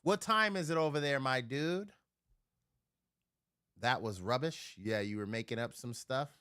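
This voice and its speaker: Profane, animated man ranting on a livestream. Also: unhurried, clear, resonant tone, dry recording, clean studio sound. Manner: profane, rambling, animated rants; swings between loud outbursts and low mutters. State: drinking while streaming. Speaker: live streamer. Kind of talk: casual livestream chat. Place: at home near a refrigerator.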